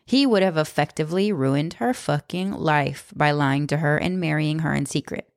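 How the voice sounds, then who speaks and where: A woman's voice: low voice, moderate pace, no room sound, clean studio sound. Blunt, profane woman in her thirties. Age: 30s. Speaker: book commentator. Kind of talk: casual spoken commentary.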